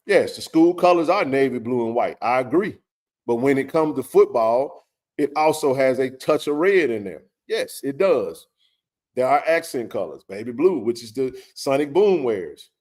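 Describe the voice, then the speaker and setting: A man's voice: mid-range voice, darkish tone. A man hosting a sports talk stream, ranting bluntly in casual, profane talk. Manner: heated, blunt ranting with frequent swearing.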